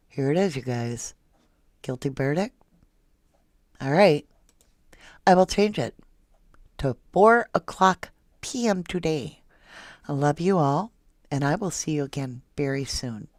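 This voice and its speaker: A woman's voice: low voice, a little slow, long pauses, no echo, clean studio sound. A woman hosting a live true crime stream, chatting casually and emotionally with viewers and reading their comments aloud. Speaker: true crime livestream host. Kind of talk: casual livestream chat with viewers.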